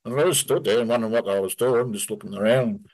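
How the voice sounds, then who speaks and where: A man's voice: lowish voice, fast talker, a little mellow, poor audio. An Australian man, a guest, telling a story casually and vividly. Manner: vivid storyteller who acts out quotes.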